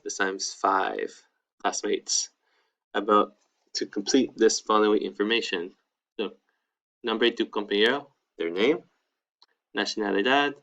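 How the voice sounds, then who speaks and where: A young man in his twenties gives a relaxed online language lesson and keeps saying "all right, cool" between points. His voice sits on the low side. The recording sounds slightly dull and lo-fi. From United States. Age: 20s. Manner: casual, upbeat, peppered with "all right, cool". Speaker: Spanish teacher.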